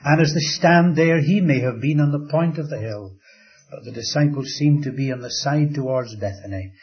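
Older male preacher, slow dramatic sermon delivery with hushed drops, mid-pitched, slightly muffled lo-fi recording. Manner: slow, dramatic storytelling with soft drops to a hush.

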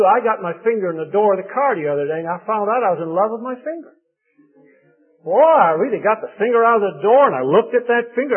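An older man gives a sermon in a folksy, anecdotal way, his slightly high voice husky at the edges. He slips into the voices of the people in his stories. The sound is narrow and tinny, like an old phone line. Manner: folksy storytelling, quotes others in lively voices. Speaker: preacher.

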